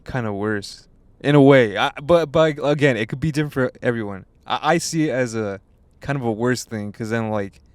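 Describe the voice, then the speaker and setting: A young man co-hosts a podcast and talks in loose, rambling chat. He restarts his sentences often and swears freely. His voice is smooth and clear, recorded dry and close with no room sound. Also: mid-range voice, normal speed, no room sound. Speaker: podcast co-host. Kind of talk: casual chat.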